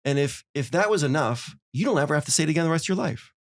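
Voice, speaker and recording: A man hosting a podcast, chatting casually and acting out little quoted lines as he tells stories. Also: on the high side. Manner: fast, animated storyteller acting out quotes. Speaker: podcast host. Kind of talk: casual conversation.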